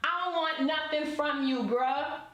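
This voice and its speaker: A woman in her thirties, an interview guest and relationship coach, telling her life story in a lively, colloquial way and talking straight to her listeners. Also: high voice, measured pace. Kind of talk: personal storytelling in conversation. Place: indoor event space. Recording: roomy echo.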